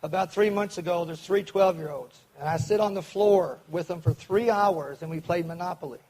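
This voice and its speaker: Older guy telling his story to a crowd, high-ish voice, earnest, acts out the voices of people he's quoting. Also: darkish tone, poor audio. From Kentucky. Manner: earnest, acts out quoted voices, speeds up and slows down. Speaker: recovery meeting speaker. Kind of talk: storytelling talk to an audience.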